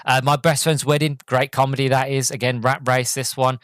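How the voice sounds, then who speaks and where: A man's voice: medium pitch, flat delivery, brisk, a bit bright, clean tone, no room sound. Enthusiastic, rambling male podcast host. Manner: enthusiastic, rambling, many fillers and restarts. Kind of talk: casual movie review.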